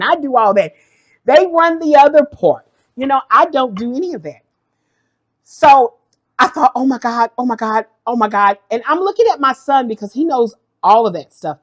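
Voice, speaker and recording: A middle-aged woman, host of a cooking channel, tells in a lively vlog how her account got hacked, acting out the panic. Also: fairly high pitch. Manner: animated, acts out the panic in her story. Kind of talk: storytelling vlog.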